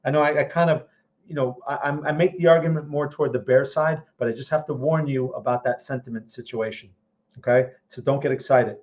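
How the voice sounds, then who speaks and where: A man's voice: mid-range voice, fairly even intonation, fairly quick, darkish tone, dull audio. A man hosting a casual market livestream, answering viewer questions and often checking in with "all right" and "okay". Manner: answers viewer questions while looking at charts. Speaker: trading livestream host.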